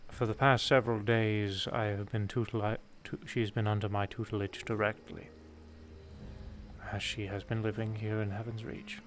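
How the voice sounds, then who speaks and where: A man's voice: on the low side, flat delivery, moderate pace, slight background noise. Teasing streamer man, laughing often. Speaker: streamer and roleplay host. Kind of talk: casual chat mixed with in-character roleplay.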